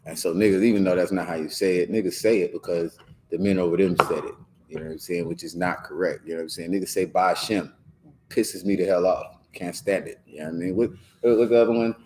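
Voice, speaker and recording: A man's voice: low-pitched, fairly even intonation, quick pace, darkish tone, a little hiss or hum. A man leading a scripture class, talking in a slangy, rambling way and often asking "you know what I'm saying?". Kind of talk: casual talk in a religious class.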